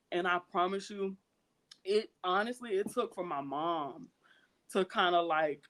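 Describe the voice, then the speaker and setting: Woman co-host of a chat podcast; earnest, emphatic, hammers her points home by repeating them. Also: on the low side. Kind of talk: candid casual podcast chat.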